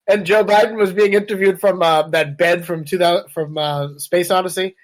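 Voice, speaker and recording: A man's voice: high voice, fairly even intonation, normal speed, few pauses. A man co-hosting a podcast, chatting casually and sarcastically about politics over a webcam. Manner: riffing, sarcastic, puts on quoted voices. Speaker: podcast co-host.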